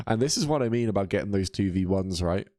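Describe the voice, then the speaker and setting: A man's voice: fairly low pitch, expressive, quick pace, dark tone, dry recording, clean studio sound. A man casting a live video game match, talking casually and reacting to chat between plays. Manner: casual, chatty, reads chat aloud. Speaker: esports caster.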